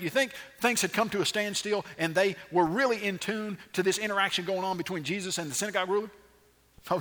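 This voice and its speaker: Male pastor, high bright voice, animated sermon full of dramatic pauses, reverberant hall.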